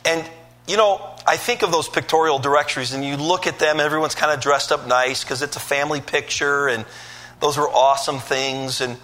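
A man's voice: a little high, fairly even intonation, a little fast, bright, forceful tone. A male pastor from Michigan preaching a sermon, telling stories with voiced asides and building to emphatic peaks.

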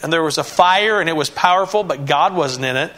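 A man's voice: a little high, brisk, pushed and bright. A man preaching a sermon in an earnest way, often repeating and restarting words and rising to emphatic bursts.

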